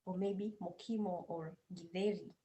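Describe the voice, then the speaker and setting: Woman, Kenyan accent, lowish voice, hesitant, lots of fillers, video call interview. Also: fairly even intonation, moderate pace, warm tone, low-quality recording. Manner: hesitant, many fillers and restarts. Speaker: guest language teaching assistant. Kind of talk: casual interview.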